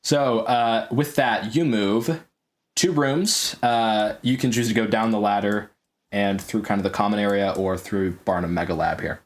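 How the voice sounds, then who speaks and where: A man's voice: on the low side, steady tone. Playful man running a tabletop game. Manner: quick, playful, laughing narration. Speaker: game master.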